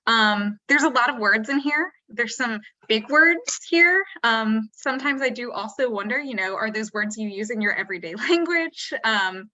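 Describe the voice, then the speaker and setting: A woman admission officer giving a measured webinar talk, pausing with fillers. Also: fairly high pitch, expressive, bright, forceful tone, no room sound, rough recording. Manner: thoughtful, measured, with frequent fillers. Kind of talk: webinar presentation.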